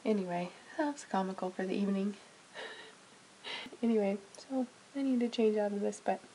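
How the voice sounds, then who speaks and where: A woman's voice: medium pitch, moderate pace, slight background noise, low-quality recording. Chatty woman vlogging from her closet. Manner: chatty, frequent "um" and "you know", drifting softer. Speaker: family vlogger. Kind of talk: casual vlog talk to camera. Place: home closet.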